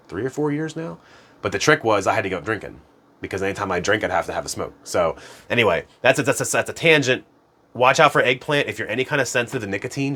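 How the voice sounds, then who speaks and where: Speaking to camera in a low-pitched but fairly bright voice, a spiritual self-improvement teacher gives a casual, rambling lesson. He laughs at himself and drifts off into tangents.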